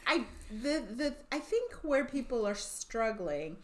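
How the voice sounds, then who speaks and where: A woman's voice: on the high side, sing-song, a little slow, noisy background. A woman co-hosting a casual podcast chat, thoughtful and agreeable, often restarting her sentences. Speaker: podcast co-host.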